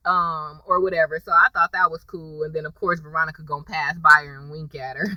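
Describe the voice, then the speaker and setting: A woman's voice: low voice, fairly even intonation, a little fast, sharp tone, no room sound, highs cut off. A woman, casually recapping a TV episode for viewers, chatty and sassy, calling them y'all.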